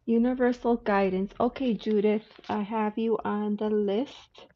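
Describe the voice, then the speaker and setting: A woman's voice: mid-range voice, level tone, slow pace. A woman hosting a casual livestream of card readings, chatty and greeting viewers by name. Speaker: livestream tarot reader. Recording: dull lo-fi audio with faint hiss.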